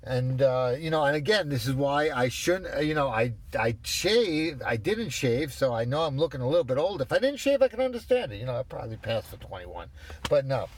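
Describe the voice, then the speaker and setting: A man's voice: mid-range voice, big pitch swings, a little fast, a little hiss or hum. A man in his fifties ranting in a rambling, exasperated way, swearing as he goes. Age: 50s. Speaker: ranter. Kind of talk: casual rant.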